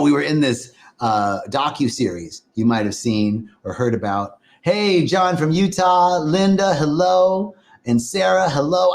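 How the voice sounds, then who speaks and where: Animated man hosting a spiritual live stream. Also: medium pitch. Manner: lively, sing-song, greets viewers by name. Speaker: livestream host and spiritual teacher. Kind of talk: live-stream teaching talk.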